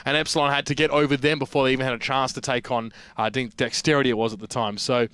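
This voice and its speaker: A man's voice: medium pitch, little pitch movement, a bit bright, smooth, no room sound. A man with an Australian accent giving chatty live play-by-play commentary on a competitive video game match. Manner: fast, chatty play-by-play with fillers. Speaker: esports caster.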